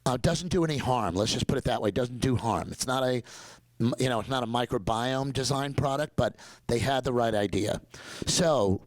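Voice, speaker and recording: Energetic older man telling stories. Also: mid-range voice, normal speed, no room sound, poor audio. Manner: energetic, digressive, slips into mock accents for quotes. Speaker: dentist guest. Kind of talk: enthusiastic conversational storytelling.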